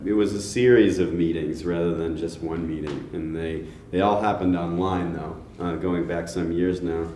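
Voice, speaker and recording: A man from the USA, a bass singer, calmly telling a story in an interview. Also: normal speed, a little hiss or hum. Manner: relaxed storyteller. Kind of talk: casual interview. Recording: echoey room from a distance.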